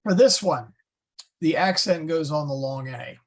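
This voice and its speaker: Slow, gravelly man teaching Latin. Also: a little high. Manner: slow, patient, stumbles and self-corrects; spells out Latin forms one by one. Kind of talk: classroom lesson.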